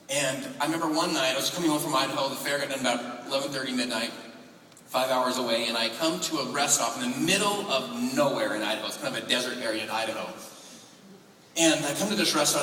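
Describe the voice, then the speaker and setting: A man's voice: medium pitch, pushed and bright, a little hiss or hum. A man in his twenties giving a motivational talk at a convention, telling stories animatedly and acting out phone calls. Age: 20s. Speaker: convention speaker. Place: large convention hall. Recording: echoey hall recording from far off.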